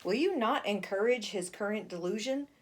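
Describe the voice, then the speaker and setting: A woman's voice: medium pitch, expressive, normal speed, close to an everyday voice. A woman voicing a bossy teenage big brother who talks in a scoffing, lecturing way.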